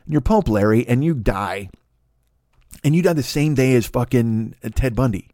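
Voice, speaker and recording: A man delivering a rambling, profane comedic monologue, slipping into quick voices for the people in his story. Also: mid-range voice, expressive, dark tone, dry recording, clean studio sound. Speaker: podcast host.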